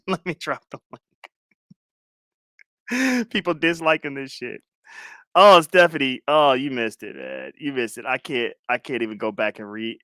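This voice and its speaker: A man in his thirties hosting a casual livestream chat, loud and animated, laughing constantly. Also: medium pitch, clear, resonant tone, dry recording, studio quality. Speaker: livestream host.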